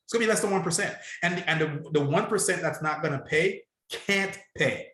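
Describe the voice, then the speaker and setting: A man's voice: on the high side, fairly quick, pushed and bright, roomy sound. A man talking in a casual podcast conversation as a salon business coach, emphatic and repeating his key points.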